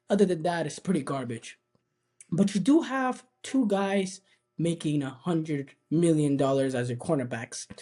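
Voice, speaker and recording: A man's voice: high-pitched, a little mellow. Man, sports talk co-host, emphatic, repetitive, casual debate. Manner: emphatic, repeats himself, lots of "you know".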